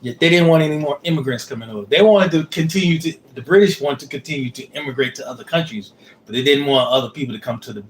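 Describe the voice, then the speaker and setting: A man's voice: a little high, quick pace, slight background noise. A man chatting casually with his wife on a livestream, rambling and searching for words with many fillers. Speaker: co-host, husband.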